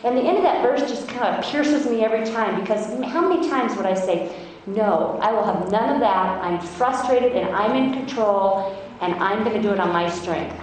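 A middle-aged woman from Iowa giving a devotional Bible talk at a women's conference, speaking earnestly and slowing down to read verses. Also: a little high. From Iowa, United States. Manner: earnest, emphatic, reads verses slowly; self-described feisty. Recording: very echoey hall, faint noise.

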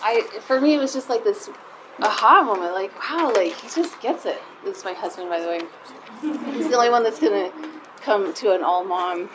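A middle-aged woman speaks warmly and personally to a room of mothers, in a conversational way that sometimes comes close to tears. Her voice sits at a middle pitch for a woman. A faint hiss of background noise runs under the recording. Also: expressive, normal speed. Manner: heartfelt, conversational, near tears at times. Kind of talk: personal talk to a live group.

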